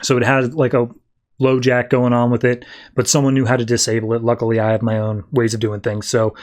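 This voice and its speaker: A man's voice: medium pitch, monotone. Casual man recapping a comic. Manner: retells the plot in quick quoted back-and-forth, lots of "like". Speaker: podcast host.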